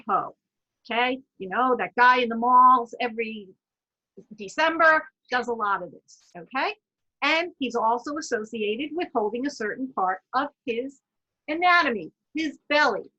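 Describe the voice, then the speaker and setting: A woman with a bright, slightly husky, fairly high voice leads a guided laughter yoga lesson. She talks in a chatty, encouraging way and breaks into loud chanted laugh sounds. The audio is dull and lo-fi, like an online talk recording. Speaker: wellness presenter.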